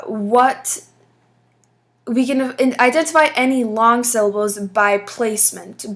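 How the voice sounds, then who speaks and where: A woman's voice: a little high, fairly bright tone. Patient woman explaining step by step. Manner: patient, step-by-step, with frequent fillers. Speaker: teacher. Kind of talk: casual classroom explanation.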